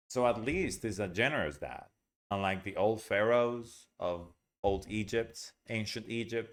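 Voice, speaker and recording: Chatty man teaching English reading. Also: lowish voice. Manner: chatty, explains words and pronunciation as he reads. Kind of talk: casual reading lesson.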